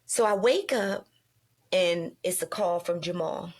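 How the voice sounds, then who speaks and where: A middle-aged woman hosting a podcast, telling an emotional story in an animated way and acting out the lines she quotes. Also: on the low side, unhurried. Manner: animated, acts out quoted dialogue. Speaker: podcast host.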